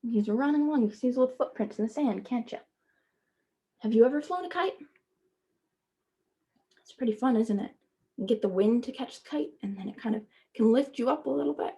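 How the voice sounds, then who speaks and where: Husky, slightly gravelly woman, fairly high voice, children's story read-aloud, gentle questions to the kids. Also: fairly quick, pauses often. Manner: gentle, asks the listeners questions; speaks to children as "friends". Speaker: teacher reading aloud to children.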